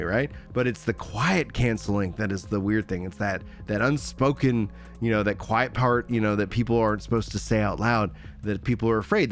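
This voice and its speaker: A man rambling through gaming opinions in a casual solo commentary, with lots of restarts and filler. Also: on the low side. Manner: rambling, animated, many restarts.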